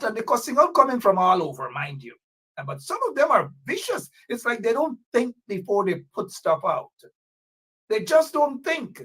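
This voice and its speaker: A woman with a husky voice, speaking in an animated, indignant commentary. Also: on the high side. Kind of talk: casual commentary.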